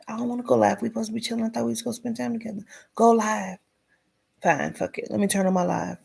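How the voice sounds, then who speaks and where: A woman's voice: fairly high pitch, fairly even intonation, quick pace, creaky, darkish tone, breathy edge. A woman giving a blunt, profane commentary rant, dropping into whispers for emphasis. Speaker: commentary vlogger.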